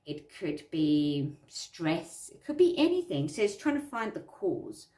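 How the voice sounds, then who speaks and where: A woman's voice: low-pitched, big pitch swings, unhurried, warm tone, far from the mic. Earnest woman coaching, echoey room. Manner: earnest, repeats phrases for emphasis. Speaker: self-help coach. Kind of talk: talking through a worksheet.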